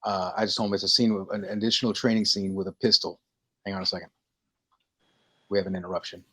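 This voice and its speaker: A man co-hosting a casual podcast, telling stories with lively energy and acting out lines in quick bursts. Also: deep voice, husky. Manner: animated storytelling, acting out movie lines. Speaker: podcast co-host. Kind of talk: casual chat.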